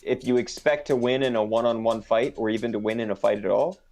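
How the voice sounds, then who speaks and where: A man running a tabletop game as game master, explaining rules with hesitant pauses. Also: mid-range voice, steady tone, darkish tone. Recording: dull lo-fi stream audio.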